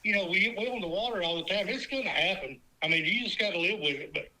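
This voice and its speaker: Fishing guide, bright sharp tone, fairly high, joking with laughs. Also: male voice, quick pace, rough recording. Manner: laughs while talking, joking. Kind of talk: casual podcast chat.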